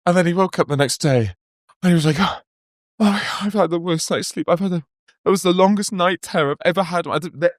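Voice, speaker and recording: A man, hosting a casual podcast chat and telling animated stories with acted-out voices. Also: high-pitched, quick pace, no echo, clean studio sound. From Wales. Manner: animated storytelling, acts out quoted voices. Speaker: podcast host.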